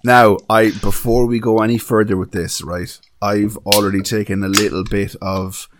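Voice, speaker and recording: A man's voice: on the low side, flat delivery, moderate pace, background noise. An Irish man hosting a beer podcast, teasing his co-hosts and moving the show along. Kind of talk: casual chat.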